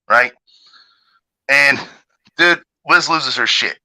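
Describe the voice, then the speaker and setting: A man hosting a livestream panel, telling a long story in casual, profane talk and jumping up in pitch when he gets outraged. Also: fairly quick, poor audio. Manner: animated, swings pitch up sharply when outraged.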